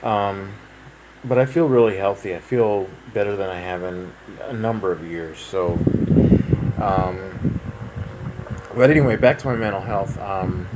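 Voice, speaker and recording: A man in his thirties, rambling through a casual personal update to his viewers, full of fillers and restarts. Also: lowish voice. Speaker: vlogger. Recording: noisy home recording.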